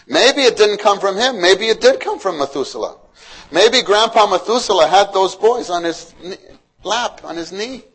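Husky male preacher, storytelling sermon, keeps throwing questions at the room. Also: high voice, normal speed, rough recording. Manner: questions to the congregation, animated storytelling.

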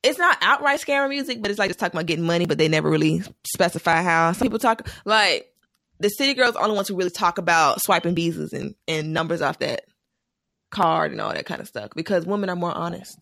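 A young woman in casual chat, telling animated stories and laughing often. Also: lowish voice, fast, creaky, no echo, clean studio sound.

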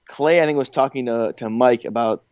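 A man's voice: mid-range voice, a little fast, a little mellow, smooth, dry recording. A man co-hosting a casual podcast chat, joking, laughing often and making sarcastic asides. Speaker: podcast co-host. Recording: dull lo-fi dry sound.

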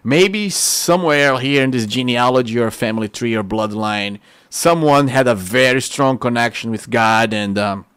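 Excitable Brazilian-accented man preaching. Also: mid-range voice, normal speed, smooth, dry recording, studio quality. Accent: Brazilian Portuguese. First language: Portuguese. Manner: excitable, animated storytelling with quoted dialogue. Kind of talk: testimony sermon.

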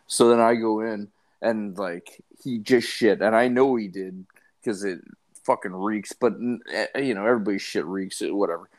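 A man's voice: on the low side, moderate pace. Rambling young man in crude chat. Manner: rambling, profane, joking. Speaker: podcast co-host.

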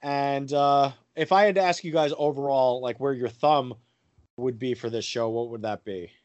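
A man's voice: mid-range voice, steady tone, moderate pace, darkish tone, no room sound, dull audio. A man hosting a casual podcast, rambling with lots of fillers and crude jokes. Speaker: podcast host.

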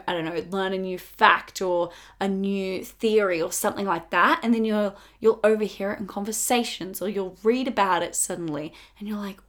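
A young woman hosting a casual self-help podcast, chatty and bubbly, full of fillers and quick laughs. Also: mid-range voice, a bit bright. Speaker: podcast host.

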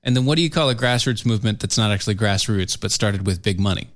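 A man co-hosting a casual talk show, joking and rambling with frequent restarts. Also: lowish voice. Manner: rambling, halting restarts, jokey. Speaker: podcast co-host. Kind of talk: casual chat.

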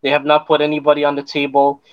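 Halting man in a dull lo-fi recording. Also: fairly high pitch, monotone. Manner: halting, many fillers and restarts. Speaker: podcast co-host. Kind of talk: casual sports chat.

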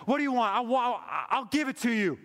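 A man's voice: extremely high pitch, a little fast, a bit bright, pitched above the performer's own voice. A man voicing God as a loving, eager giver, asking again and again what people want.

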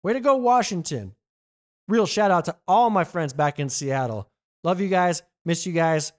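A man's voice: high-pitched, moderate pace. A man hosting a trivia podcast, reading answer choices and adding playful jokey asides. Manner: playful, jokey asides, reads options twice. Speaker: trivia host.

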